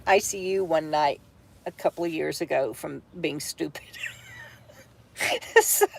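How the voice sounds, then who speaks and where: A tired, brain-foggy woman, chatting on a home livestream from bed, halting and full of fillers and restarts as she reads viewer comments. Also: sits low, gravelly. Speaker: vlogger hosting a livestream. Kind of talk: rambling livestream chat.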